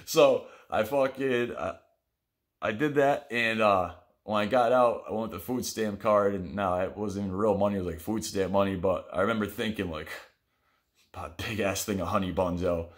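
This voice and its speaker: Guy with a lowish voice telling rough stories, cusses constantly, rambles on. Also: normal speed. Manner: rambling, heavy swearing, blunt. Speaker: vlog host telling his own stories. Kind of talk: profane storytelling monologue.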